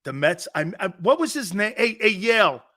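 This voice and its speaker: Excitable middle-aged sports radio host. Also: male voice, high voice, normal speed. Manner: animated, loud bursts, calls out to studio crew; rambling, repeats words and restarts. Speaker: sports talk show host. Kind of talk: casual sports radio chat.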